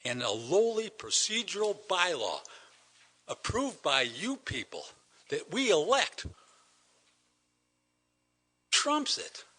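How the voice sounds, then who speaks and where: Older man, citizen delegate at a council meeting; indignant, emphatic, bright forceful voice with wide swings in pitch. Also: big pitch swings, slow, long pauses. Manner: indignant, emphatic, rhetorical questions. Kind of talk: public comment speech.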